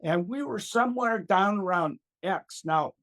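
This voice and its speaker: Lively older man telling stories. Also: sits high, a little slow. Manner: lively storyteller, acts out voices, laughs often. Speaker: gardening expert guest. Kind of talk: animated storytelling in an interview.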